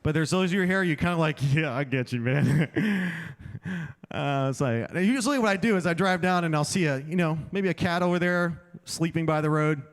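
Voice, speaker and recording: A man's voice: a little high, fast talker, few pauses, clear, resonant tone. A man preaching a chapel sermon, telling self-deprecating stories and acting out the dialogue. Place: chapel hall. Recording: long hall reverb.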